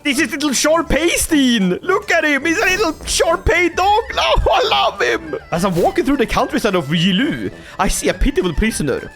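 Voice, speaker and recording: A man giving energetic, jokey commentary on his strategy game playthrough, sometimes putting on voices for the characters. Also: extremely high pitch, normal speed, few pauses, soft background music. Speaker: gaming YouTuber.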